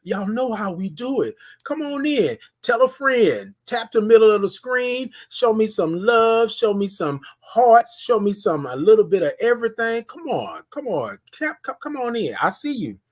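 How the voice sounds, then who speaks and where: A woman's voice: a little high, very animated, normal speed, hardly any pauses, a little mellow. A woman hosting a live morning show, greeting viewers in a sing-song way and stretching out her words. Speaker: host.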